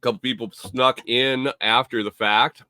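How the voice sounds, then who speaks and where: A man's voice: medium pitch, steady tone, a little slow, pushed and bright, no echo, studio quality. A man hosting a casual live stream, rambling and repeating himself, reading viewer comments aloud. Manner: reads viewer chat aloud. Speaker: livestream host.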